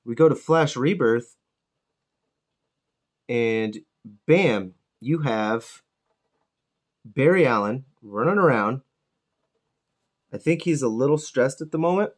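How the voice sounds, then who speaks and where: A man hosting a miniature painting channel, chatting casually as he paints and ranting with lots of swearing and animated outbursts. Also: medium pitch, slow pace, pauses often. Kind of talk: casual chat while painting.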